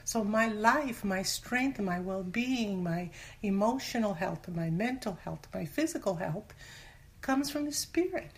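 A woman's voice: mid-range voice, expressive, measured pace. A woman giving a casual Bible teaching in conversation, earnest, sometimes dropping to a whisper for emphasis. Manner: acts out everyday voices when quoting. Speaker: Christian teacher.

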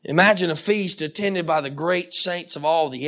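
A man preaching a sermon, animated and emphatic, with frequent restarts and calls of amen. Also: a little high, moderate pace, creaky, hardly any pauses. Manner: animated, with many restarts and Southern-style "y'all".

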